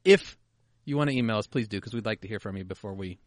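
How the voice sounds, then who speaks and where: A man's voice: lowish voice, fast talker, no room sound. A man co-hosting a podcast, joking and swearing as he reads listener emails. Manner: joking, sweary, drops into a mutter. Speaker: podcast co-host. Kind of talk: casual banter, reading listener emails.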